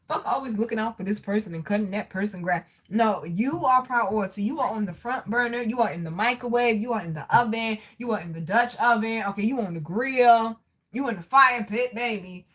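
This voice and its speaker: A woman chatting live with her viewers. Her voice is bright and sharp and sits a little high. She swears freely, laughs often and talks with lots of energy. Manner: animated, profane, frequent laughter, addresses viewers. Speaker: livestream host reading chat. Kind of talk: casual livestream chat.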